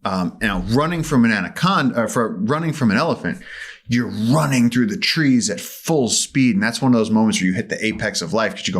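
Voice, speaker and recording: A man as a podcast guest, telling animated stories and acting out the voices in them. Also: mid-range voice, brisk. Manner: vivid, acts out voices in his stories. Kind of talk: animated storytelling in conversation. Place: studio.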